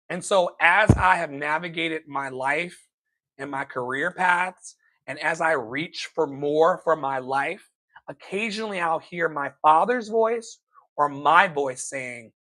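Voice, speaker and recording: A man in his thirties speaks in a slightly high voice with a preacherly, emphatic delivery. His motivational talk builds to sudden loud exclamations. A light flavor colors his speech. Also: slow pace.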